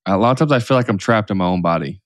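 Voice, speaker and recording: Man, deep low voice, casual podcast chat, candid, dry room. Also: expressive, racing, dry recording. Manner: candid, rambling with restarts. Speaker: podcast co-host.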